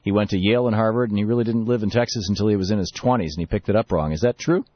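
A man hosting a talk radio show in a relaxed, chatty way, laughing easily. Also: fairly low pitch, racing, no room sound. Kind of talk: casual talk radio chat. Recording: dull lo-fi radio broadcast.

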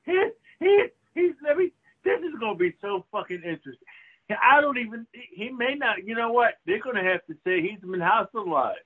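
An excitable, profane man co-hosting a casual political talk show, his husky voice sitting a little high. He comes through a tinny, phone-like line. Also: brisk.

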